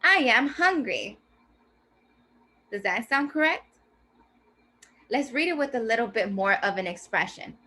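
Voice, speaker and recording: A woman teacher explaining a reading strategy to her class in a clear, slow, teacherly way. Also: a little high, expressive, bright, forceful tone. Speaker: teacher presenting a reading lesson. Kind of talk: scripted classroom presentation.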